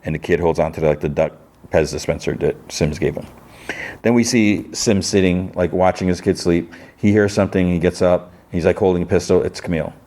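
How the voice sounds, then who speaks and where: Very low-voiced man recapping casually. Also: a little fast, mellow. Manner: rambling, filler-heavy retelling with quoted dialogue. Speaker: podcast host.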